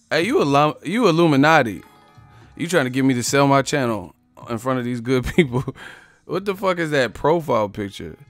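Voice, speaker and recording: A man hosting a boxing live stream, ranting casually and loudly, swearing, mocking and laughing often as he reads the chat. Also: medium pitch, dry recording.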